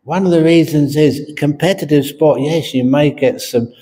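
This monk's voice is a little high and dark-toned, moving at a moderate pace through his morning dharma talk at a meditation centre. He tells jokes, laughs at them himself, and laughs often.

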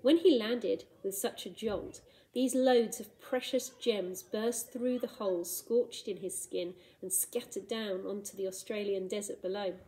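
A woman teacher reading a storybook aloud to children in a gentle, expressive way, with asides about the pictures. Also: mid-range voice, measured pace, hardly any pauses, rough recording.

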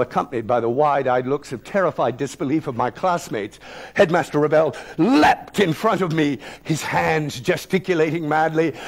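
A man in his sixties, an actor and lecturer, telling a story from his childhood in a vivid, wry, theatrical way. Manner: dramatic, vivid, wry delivery with big swings in pitch and loudness.

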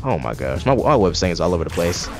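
Low-voiced man swearing through gameplay. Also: very animated, quick pace, creaky, darkish tone, soft background music. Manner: profane, reactive trash talk at the game; rambling asides with many restarts. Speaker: gaming channel host. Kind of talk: casual gameplay commentary.

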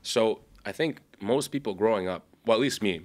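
A man's voice: fairly low pitch, moderate pace. A young man telling a long story in a casual podcast chat, rambling and correcting himself. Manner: rambling, self-correcting, laughs often. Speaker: podcast co-host.

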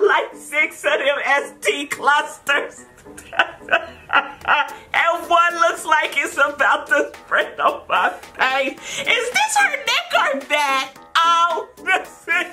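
A young woman giving sassy comic commentary over a pimple-popping game, squealing loudly in disgust. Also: sits high, very animated, slow pace, soft background music. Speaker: gaming vlogger.

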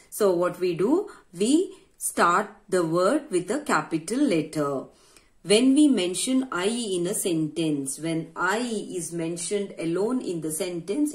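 A woman teacher with an Indian English accent, patiently walking young children through a grammar worksheet and asking herself questions as she explains. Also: lowish voice.

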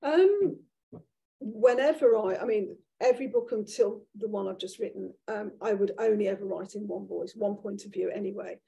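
A woman in her sixties with a Birmingham accent, a guest author telling candid, animated stories in an onstage conversation before an audience. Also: medium pitch, moderate pace, vocal fry, breathy edge. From Birmingham, England. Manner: animated, candid storytelling with restarts. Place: event room with an audience.

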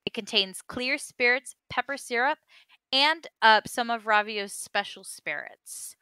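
Woman game master narrating a tabletop session, slow and measured, bright crisp voice. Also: a little high, no echo. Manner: unhurried, many ums and small laughs.

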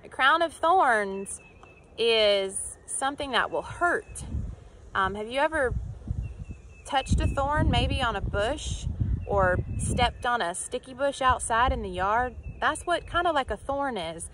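A woman's voice: fairly high pitch, lively intonation, slow pace, fairly bright tone, slight background noise. A woman teaching children in church, telling a Bible story with acted-out voices and questions to the kids.

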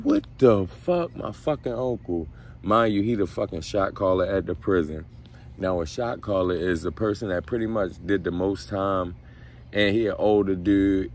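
A man telling a story casually, in a profane, slangy, animated way. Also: low voice, slight background noise. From Baltimore. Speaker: vlogger.

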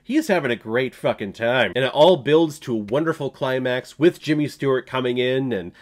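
A young man giving a casual, jokey spoken film review, laughing and sometimes bursting into loud shouted bits. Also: medium pitch, expressive, normal speed. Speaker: movie reviewer.

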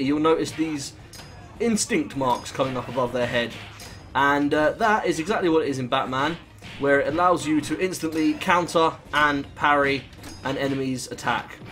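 A man's voice: on the high side, fairly bright tone. A British man rambling casually through let's play commentary, with lots of fillers and the odd swear. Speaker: gaming channel host.

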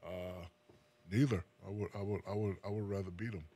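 A retired basketball player from New Jersey chats casually in an interview, laid-back and often repeating words as he begins a sentence. His voice is on the low side, mellow and slightly rough, fairly even in intonation and fairly quick.

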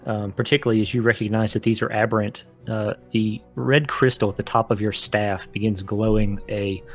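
A man narrating a tabletop game as game master, with dramatic descriptions and filler pauses. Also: lowish voice, flat delivery, soft background music.

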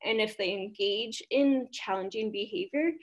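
A woman's voice: mid-range voice, moderate pace. A woman presenting a webinar on behaviour therapy, explaining steps and quizzing her audience. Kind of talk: webinar lecture.

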